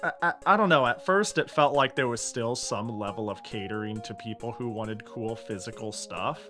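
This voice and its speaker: A man streaming, reacting in casual commentary, excitable and ranting, laughing and exclaiming at what he sees. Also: medium pitch, moderate pace, faint music behind.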